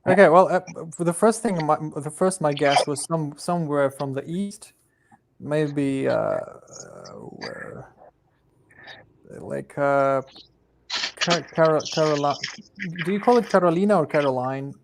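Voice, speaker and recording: Guy, kinda high voice, asks lots of questions, bit of background noise. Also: sing-song, measured pace, vocal fry. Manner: hesitant, many fillers and restarts, curious questions. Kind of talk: casual conversation.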